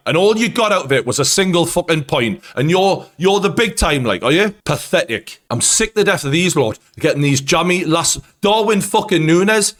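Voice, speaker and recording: A man's voice: on the high side, animated, normal speed, hardly any pauses, fairly bright tone. A man giving an angry post-match football rant as host, swearing heavily. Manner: angry, heavy swearing, ranting.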